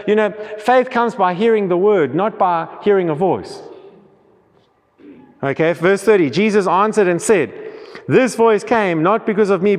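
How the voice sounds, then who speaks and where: Reading scripture aloud during his sermon, a high-voiced man keeps restarting and repeating his words. The hall gives his voice a long reverberation.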